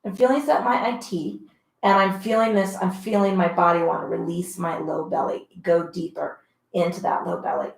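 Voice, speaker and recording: A woman's voice: on the low side, fairly even intonation, moderate pace. Woman coaching pilates in an echoey room. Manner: chatty, encouraging cues with breathy exertion sounds. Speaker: pilates instructor. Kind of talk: guided workout instruction. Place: home room, dogs heard about. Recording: roomy echo.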